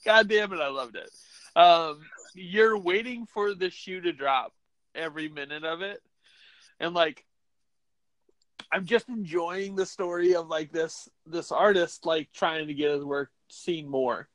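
A man hosting a podcast in casual chat, laid-back, reacting quickly and using many fillers. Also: a little high, fairly bright tone, dry recording, low-quality recording. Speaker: podcast host.

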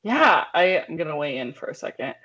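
A young married woman co-hosting a podcast, chatting in a relaxed, rambling way with fillers. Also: deep voice, brisk, breathy edge. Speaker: co-host. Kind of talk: casual podcast chat. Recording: slightly dull, lo-fi sound.

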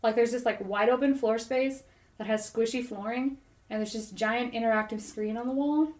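A woman's voice: on the high side, moderate pace. A woman co-hosting a podcast, animatedly retelling a dream in casual chat and leaning on "like" as she goes. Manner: rambling, animated storytelling full of "like". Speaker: podcast co-host. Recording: roomy echoey recording.

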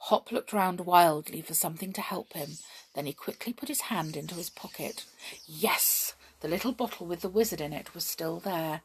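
A woman reading a children's story aloud as narrator, with expressive, lively storytelling. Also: on the low side, normal speed, slightly rough.

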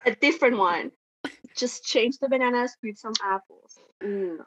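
A woman co-hosting a casual podcast, relaxed and giggly, dropping in Spanish phrases. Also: fairly high pitch, moderate pace, breathy edge. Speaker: podcast co-host. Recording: dry, dull lo-fi sound.

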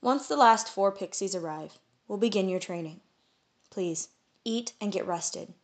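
A woman voicing a calm, kindly male fae leader in an audiobook, soft and reassuring. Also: medium pitch, measured pace, natural voice. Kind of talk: audiobook character voice.

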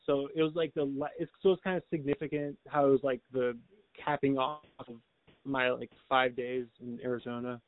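A man's voice: medium pitch, level tone, normal speed, dry recording, phone-quality sound. A man on a podcast telling a long rambling story in casual chat, full of restarts and little laughs. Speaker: podcast co-host.

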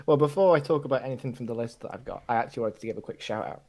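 A man's voice: mid-range voice, rapid-fire, mellow. A young man from Sheffield with a South Yorkshire accent, co-hosting a podcast in a laid-back, self-deprecating way. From Sheffield, England. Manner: self-deprecating, stammers on restarts, laughs easily. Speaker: podcast co-host. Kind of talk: casual chat.

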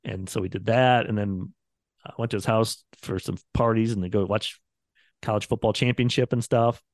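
A man's voice: on the low side, fairly even intonation, moderate pace, no room sound, clean studio sound. A man, a radio producer chatting casually on a podcast and acting out quotes from the people in his stories. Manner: rambling storyteller, acts out quotes.

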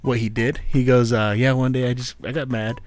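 A man chatting casually on a podcast in a laid-back, halting way, swearing often. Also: medium pitch, little pitch movement, a little mellow, faint music behind. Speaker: podcast co-host. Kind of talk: casual chat.

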